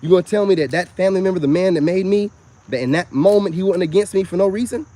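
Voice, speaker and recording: A self-styled spiritual vlogger tells a long, rambling personal story to the camera outdoors, crickets chirping behind him. His voice is a little high for a man, and he talks very fast and animatedly, constantly saying "you know what I'm saying."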